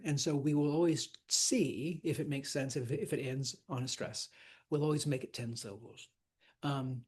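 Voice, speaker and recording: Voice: mid-range voice, darkish tone, breathy edge. A teacher giving a loose, chatty lecture on verse, with asides and fillers, sometimes counting out stresses in sing-song syllables.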